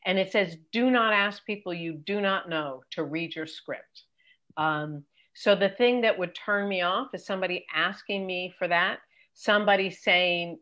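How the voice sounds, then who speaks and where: A woman's voice: fairly bright tone, highs cut off. An older woman, a career coach, giving emphatic, practical advice as a guest in an interview. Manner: brisk, emphatic, mimics pitch emails.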